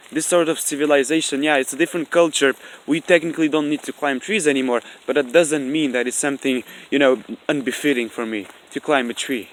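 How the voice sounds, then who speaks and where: Bright-voiced man ranting outdoors on camera. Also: mid-range voice. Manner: argumentative, repeats himself, swears when annoyed. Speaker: vlogger. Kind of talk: rambling outdoor vlog rant. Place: outdoors, in the rain. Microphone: camera mic.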